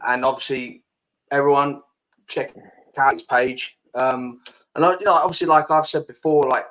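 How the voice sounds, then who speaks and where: A man's voice: mid-range voice, a bit bright, poor audio. A man hosting a podcast as a casual chat, talking freely and swearing a lot. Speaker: podcast host. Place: home, sitting with laptop.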